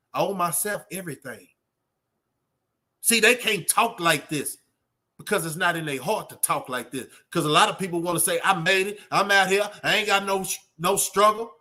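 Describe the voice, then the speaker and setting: A man's voice: high voice, bright, forceful tone. A middle-aged man giving an off-the-cuff motivational talk in a streetwise preaching way, rambling with fillers. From Texas. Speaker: channel host.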